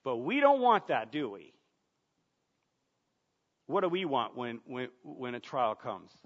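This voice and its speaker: A man's voice: mid-range voice, sing-song, slow. A man preaching a sermon as pastor, earnest, asking rhetorical questions and repeating words as he goes. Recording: dull sound, long reverb of a large room.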